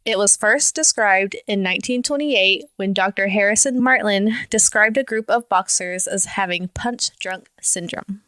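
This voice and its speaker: A woman co-hosting a podcast, reading out facts in a plain, even way. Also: mid-range voice, no echo. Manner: laughs often, then reads facts plainly. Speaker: podcast co-host. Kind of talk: casual chat and reading notes.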